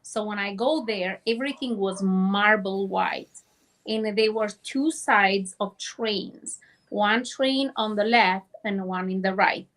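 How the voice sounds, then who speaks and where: Woman, phone call, halting storytelling, frequent restarts, middle pitch. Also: fairly bright tone. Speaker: guest.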